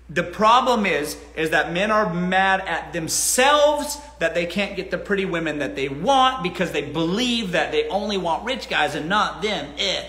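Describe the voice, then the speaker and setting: A man's voice: a little high, pushed and bright, roomy sound. A man hosting a casual livestream Q&A from home on his phone, blunt and mocking, often laughing. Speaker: livestream host answering questions. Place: indoors at home.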